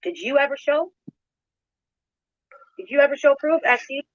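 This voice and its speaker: A woman's voice: high-pitched, animated, moderate pace, no room sound, dull audio. A woman ranting in a heated, accusatory way. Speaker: YouTuber in a played clip. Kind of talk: angry rant.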